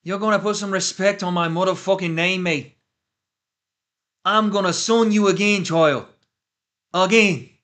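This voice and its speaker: A man putting on an Irish accent to imitate a brash, trash-talking male fighter, shouting taunts. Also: high-pitched, a little slow, long pauses, pitched above the performer's own voice. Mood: taunting. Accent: Irish, put on.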